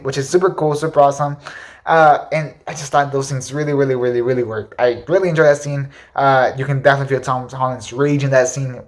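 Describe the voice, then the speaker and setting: A young man talks through his favorite movie scenes in a casual, gushing way. He speaks fast, at an average pitch, piling up fillers and repeating words as he enthuses. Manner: excitable, repetitive gushing with many fillers. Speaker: movie reviewer. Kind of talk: casual ranking commentary.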